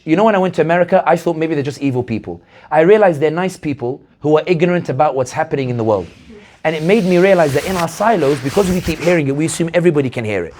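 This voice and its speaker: A political analyst speaking to an audience, telling stories and asking rhetorical questions in a lively, animated way. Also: male voice, on the high side. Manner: animated storyteller, acts out quoted voices, rhetorical questions. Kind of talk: speech to an audience.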